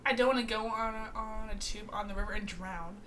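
A young woman co-hosting a podcast, telling stories in lively, casual chat. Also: a little high, a little fast, a little hiss or hum. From Louisiana. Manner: animated storytelling with swearing and laughter. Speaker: podcast co-host.

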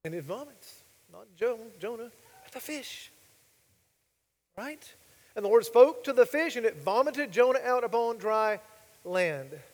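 A man's voice: sits high, in a large hall. A male pastor preaching a sermon, emphatic and full of rhetorical questions to the congregation.

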